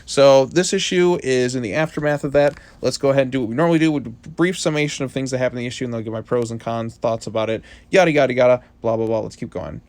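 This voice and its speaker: A man talks through a comic book issue in a loose, casual review. His voice sits at a medium pitch, and his talk rambles with plenty of fillers and restarts. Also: fast talker, hardly any pauses, a little mellow.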